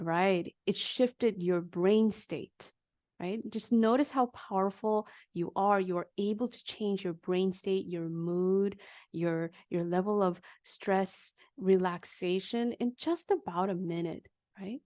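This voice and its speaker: A woman coaching a live online negotiation workshop, guiding the audience calmly and asking them questions. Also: medium pitch, dry recording, clean studio sound.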